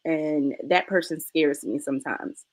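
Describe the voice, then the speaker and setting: A woman's voice: low voice, steady tone, unhurried. A woman in her thirties, a podcast guest, speaking earnestly and reflectively. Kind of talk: casual podcast chat.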